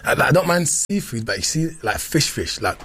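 A man's voice: fairly high pitch, big pitch swings, moderate pace, fairly bright tone. A man, telling playful stories in casual chat with many restarts. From London. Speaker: guest. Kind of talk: casual storytelling.

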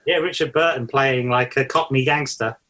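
A man's voice: medium pitch, normal speed, bright, forceful tone. A man co-hosting a casual chat, talking keenly about films with lots of fillers. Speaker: podcast co-host.

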